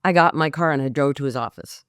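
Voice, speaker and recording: A middle-aged woman, a mortgage coach, telling a candid, lively story as a podcast guest. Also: low voice, fast talker, no echo, clean studio sound.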